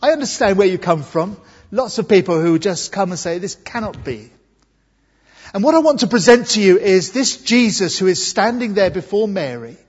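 Husky-voiced preacher in a reverberant church. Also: male voice, high voice. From England. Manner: earnest, emphatic, slows for key words. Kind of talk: Easter sermon. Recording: dull muffled sound with long hall reverb.

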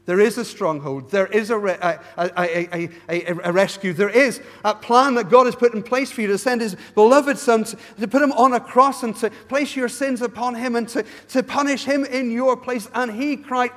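A man delivers a sermon in a high voice, pleading earnestly and stumbling over his words as he restarts them. His voice carries a long reverb from the church around him. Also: normal speed. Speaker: preacher. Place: church hall.

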